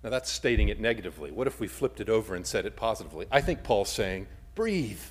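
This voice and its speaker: Dynamic male preacher, loud to hushed. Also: lowish voice, expressive, fast talker. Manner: dynamic preaching, swings from loud emphasis to near-whisper. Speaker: pastor. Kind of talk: sermon.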